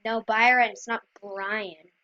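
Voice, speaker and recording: A woman's voice: a little high, steady tone, slow, pushed and bright, dry recording. A woman chatting to her viewers in rambling, casual gameplay commentary. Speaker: gameplay video creator. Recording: dull lo-fi dry recording.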